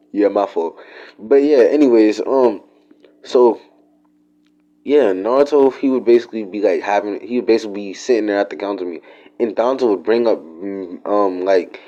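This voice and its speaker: A man's voice: on the low side, mellow, dull audio. A man telling a made-up story in a rambling, slangy, profane way. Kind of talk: casual fan-fiction storytelling.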